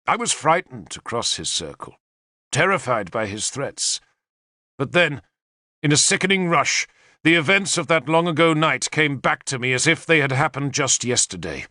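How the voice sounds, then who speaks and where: Man with a bright, intense narrating voice. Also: medium pitch, dry recording, studio quality. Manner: intense, dramatic storytelling. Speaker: audiobook narrator. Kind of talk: scripted first-person narration.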